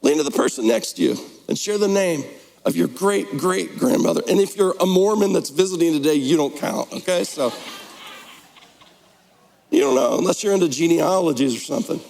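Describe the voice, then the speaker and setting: A man's voice: on the high side, expressive, normal speed, gravelly, a little mellow, big-room sound, poor audio. A man preaching a sermon as pastor, in a conversational, playful way, slipping into mock voices. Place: church sanctuary.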